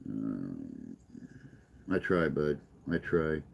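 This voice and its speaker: A man hosts a relaxed morning live stream and talks straight to his viewers. His voice sits very deep and low, and he takes his time, drifting from one joke to the next while he answers their messages. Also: extremely slow, vocal fry, slightly rough. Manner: rambling, joking, reads and answers chat. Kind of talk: casual chat with live chat viewers.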